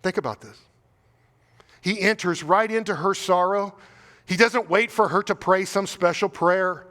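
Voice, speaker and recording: A man's voice: sits high, a little slow, sharp tone, big-room sound. A man with an American accent preaching a sermon as pastor, earnest and pleading, piling up rhetorical questions and repeating his words. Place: church sanctuary.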